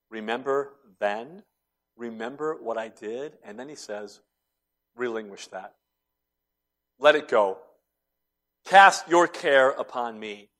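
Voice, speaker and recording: A man preaching a sermon as pastor, building to loud impassioned cries and then dropping to soft, tender tones. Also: medium pitch.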